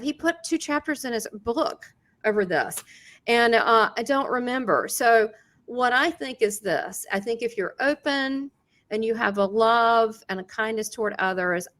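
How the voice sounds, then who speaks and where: A woman hosting an interview who works as a psychic medium, telling a story in an animated way and acting out quoted dialogue with frequent laughs. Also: a little high. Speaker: psychic medium and show host.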